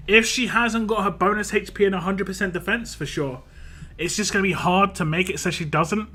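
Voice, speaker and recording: A man's voice: sits high, sharp tone. A man casually streaming a mobile game, reading viewer comments aloud in a playful sing-song and chatting about characters.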